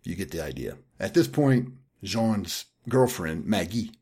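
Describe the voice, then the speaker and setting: A man with a low, slightly husky voice retells a film for his podcast in a relaxed, casual way. He keeps stopping the plot summary to toss in dry, sarcastic comments on what the characters do. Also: measured pace. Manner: dry, mocking asides while retelling a film. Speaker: podcast host.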